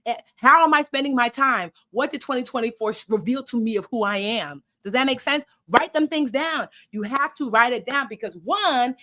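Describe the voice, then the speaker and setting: A woman hosting a live online workshop as a life coach, animated and emphatic, with preachy repetition. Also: sits high.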